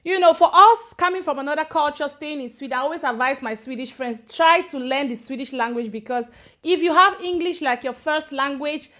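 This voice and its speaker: Woman from Africa, high voice, friendly livestream host who chats and greets her viewers by name. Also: fairly bright tone. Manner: chatty, greets viewers by name, switches between English and Swedish. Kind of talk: casual livestream chat. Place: home in Sweden.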